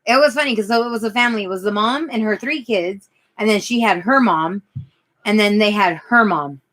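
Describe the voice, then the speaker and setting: A woman's voice: mid-range voice, fairly quick, a bit bright. Playful young woman co-host. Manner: playful, chatty storyteller. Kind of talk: casual chat.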